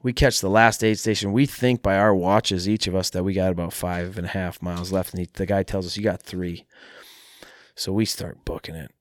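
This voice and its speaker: A man, a professional fighter, casually telling a story in a podcast interview, lively and profane, acting out his own shouting. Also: deep voice, moderate pace, no echo. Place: martial arts academy.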